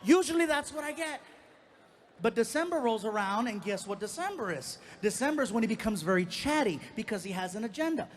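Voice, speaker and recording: A man's voice: very high-pitched, brisk, a little hiss or hum. A man doing stand-up comedy on a live stage, telling a story and acting out his son in voices. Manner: animated, acts out his teenage son in voices. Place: live stage before an audience.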